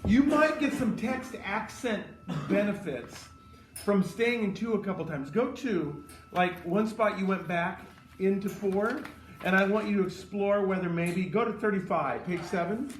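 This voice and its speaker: A man's voice: high-pitched, lively intonation, a little slow, slight background noise. A man teaching choral conducting, giving feedback and singing short phrases to demonstrate. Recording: roomy hall, from a distance, with music.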